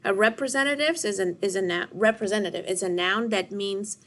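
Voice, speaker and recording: A woman teacher giving a recorded word study lesson to children, speaking slowly and deliberately and sounding out words syllable by syllable with encouragement. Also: medium pitch, fairly bright tone. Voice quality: slow, deliberate classroom delivery, stretching out words.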